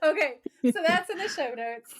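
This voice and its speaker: Brief: lively podcast co-host, woman, highish voice, laughs a lot while recapping. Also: normal speed, slight background noise. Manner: animated, laughs often. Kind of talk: casual chat recapping a TV episode.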